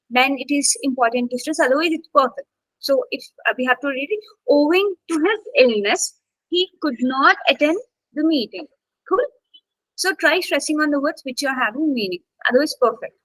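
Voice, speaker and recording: A woman's voice: high-pitched, a bit bright, dry recording, low-quality recording. A woman instructor teaching an online English class, coaxing students to take part, with many fillers.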